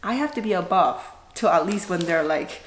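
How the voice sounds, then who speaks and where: A woman mukbang vlogger and mother chatting casually to camera, rambling with quick asides. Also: lowish voice, expressive, echoey room, slight background noise. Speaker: mother of a young child.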